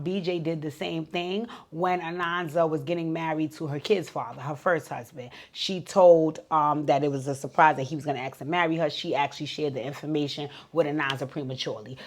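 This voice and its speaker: A woman giving a casual, profane recap of a reality show episode, acting out what the cast said in voices. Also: low voice. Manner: chatty, profane, acts out quotes in voices.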